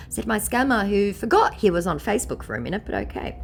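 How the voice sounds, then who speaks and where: A woman's voice: fairly low pitch, big pitch swings, fairly quick, creaky, few pauses, breathy edge. A woman reading out chat messages in casual commentary, sarcastic and blunt. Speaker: scam baiter.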